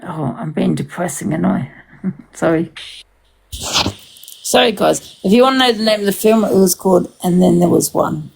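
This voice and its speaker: A woman's voice: on the low side, expressive, normal speed, creaky, pauses often, slightly rough, poor audio. A woman hosting a casual livestream chat, rambling and swearing freely, with many restarts.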